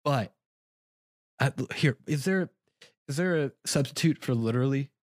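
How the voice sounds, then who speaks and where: A young man co-hosting a podcast rambles through a story in casual chat, restarting sentences and laughing at himself. His voice is mid-range at a moderate pace, and the studio sound is clean with no echo.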